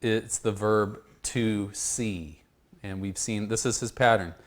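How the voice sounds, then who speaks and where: Low-voiced man teaching a Bible class. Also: fairly even intonation. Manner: halting, repeats words and restarts often; invites answers from the group.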